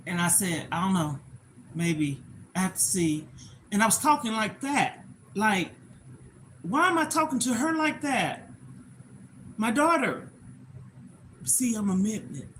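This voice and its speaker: A woman's voice: mid-range voice, a little hiss or hum, rough recording. Emotional middle-aged woman ranting on a livestream. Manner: emotional, repetitive, plainspoken ranting. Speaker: livestream host. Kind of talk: emotional personal livestream monologue.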